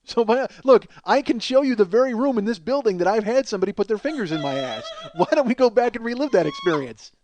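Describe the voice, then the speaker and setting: High-voiced man rambling through a comic story. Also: expressive, fast, few pauses, noisy background. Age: 40s. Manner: rambling, profane, self-mocking storytelling with restarts. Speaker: comedy podcast host.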